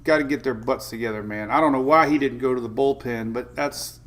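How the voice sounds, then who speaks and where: A man's voice: mid-range voice, fairly quick. A man hosting a weather livestream in a casual, chatty way, greeting viewers by name and laughing often.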